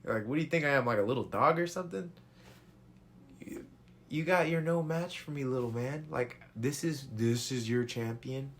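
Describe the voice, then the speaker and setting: A man voicing a boastful giant warrior who mocks his small opponent in a loud, brash way. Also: mid-range voice, moderate pace, slight background noise, pitched above the performer's own voice, lightly acted. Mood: mocking. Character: taunting towering male giant warrior, boastful.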